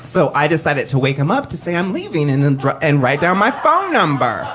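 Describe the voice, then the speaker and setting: A man telling a comic story on a cabaret stage to a live audience, animated and profane, acting out the voices of the people in it. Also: a little high, a little fast.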